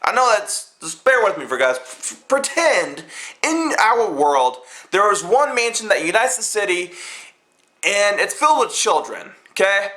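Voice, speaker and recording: Man, high voice, bright and sharp, swearing constantly, rambling casual film review. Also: unhurried. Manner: profane, excitable, rambling with many fillers.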